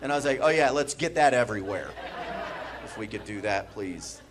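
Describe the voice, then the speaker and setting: A Midwestern man with a lowish voice works through a stand-up set on a comedy club stage, talking fairly quickly over a noisy background. He's animated, mimicking the drunk strangers from his stories in mumbling voices while the audience laughs.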